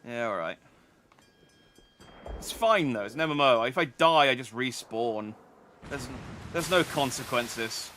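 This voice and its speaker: Bright-voiced man chatting over a game. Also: medium pitch, lively intonation, unhurried, pauses often, a little hiss or hum. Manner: self-mocking, chatty asides. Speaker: streamer. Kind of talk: casual gameplay commentary.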